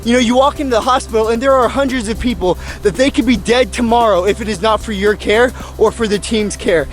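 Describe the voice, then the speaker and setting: A man's voice: extremely high pitch, a little fast, soft background music. A young man in his twenties, a medical student vlogger, talking earnestly and a little preachily about motivation while filming himself on a handheld camera. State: out of breath. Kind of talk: motivational vlog talk.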